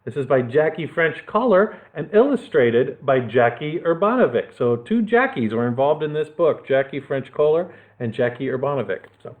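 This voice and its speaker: A man's voice: fairly high pitch, normal speed, hardly any pauses. Library guy reading a kids' story, voice bounces around a lot, tinny phone-like sound. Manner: animated, playful asides. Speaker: children's librarian. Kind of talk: reading a picture book aloud.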